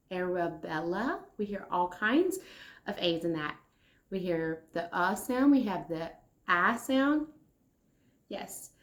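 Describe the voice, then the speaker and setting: A woman teacher leading circle time for young children. She talks slowly and encouragingly, pausing as if for little ones to answer. Her voice rings a little in an echoey room. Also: mid-range voice, a bit bright. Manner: slow, encouraging, replies to imagined children's answers. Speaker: kindergarten teacher.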